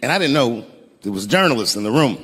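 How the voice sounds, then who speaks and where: A man performing a stand-up comedy set, telling a story in an animated way with loud punchlines. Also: medium pitch, fast talker. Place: large theater with audience. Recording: live venue with long reverb and audience noise.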